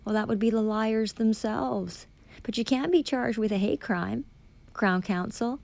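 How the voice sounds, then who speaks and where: A woman's voice: on the high side, measured pace, vocal fry, a little mellow. A woman ranting angrily and sarcastically as she reads a policy document aloud and rebuts it, swearing often. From Canada. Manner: profane, sarcastic, accusatory. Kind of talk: angry ranting monologue.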